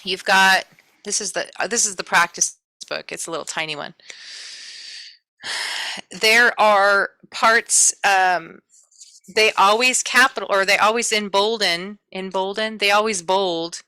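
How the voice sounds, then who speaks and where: A woman's voice: medium pitch, a little slow, sharp tone, clean tone, no room sound, poor audio. A woman teaching a real estate exam class in a chatty, direct way, acting out her students' reactions. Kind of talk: casual live class lecture.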